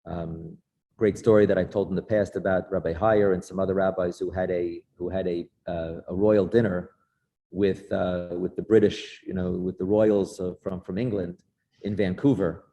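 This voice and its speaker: A man's voice: sits low, flat delivery, moderate pace, warm tone, a little hiss or hum. A middle-aged man with a New York accent giving an informal class as a rabbi, chatty and storytelling, with frequent restarts.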